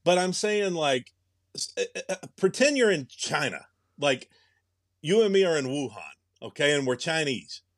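A man's voice: a little high, sing-song, moderate pace, a bit bright, dry recording, studio quality. Young man musing in casual chat. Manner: rambling, musing, with frequent restarts. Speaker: podcast co-host.

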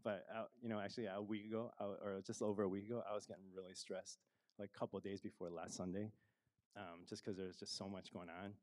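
A man's voice: on the low side, flat delivery, fast talker, darkish tone. A middle-aged man preaching a sermon as a pastor, conversational and self-deprecating, with frequent fillers and laughs.

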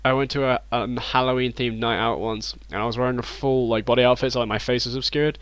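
A young British man co-hosting a comedy podcast, trolling with crude deadpan jokes. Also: mid-range voice, quick pace, dry recording. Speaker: podcast co-host. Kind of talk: casual comedic podcast banter.

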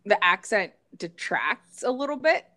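A woman's voice: mid-range voice, very animated, a little slow, sharp tone. A woman from the Pittsburgh area, co-hosting a podcast in casual chat and laughing often. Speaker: podcast co-host.

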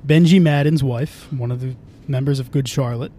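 A man's voice: fairly even intonation, normal speed, warm tone. A man hosting a casual podcast from a moving car, rambling and swearing, often restarting his sentences. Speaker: podcast host. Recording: faint car rumble.

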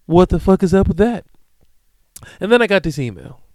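A man in his thirties hosting a solo podcast, ranting in a profane, animated, comedic way. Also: high-pitched, moderate pace, no echo. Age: 30s. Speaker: podcast host. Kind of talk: casual solo podcast monologue.

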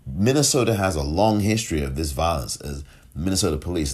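Impassioned deep-voiced man with a husky tone. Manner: impassioned, rising to near-shouted questions; rhetorical, repeats phrases for emphasis. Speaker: podcast host. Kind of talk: solo commentary.

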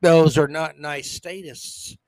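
A man's voice: on the high side, steady tone, slow, a little mellow, no room sound. A man hosting a podcast in a sarcastic, emphatic rant that sometimes stumbles over its words. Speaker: podcast host. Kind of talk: ranting political commentary.

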